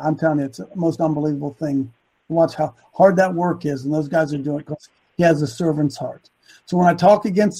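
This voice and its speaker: A man hosting a men's ministry group, preaching an emphatic rant that repeats lines for stress and rises to shouts. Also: on the high side, breathy edge, rough recording.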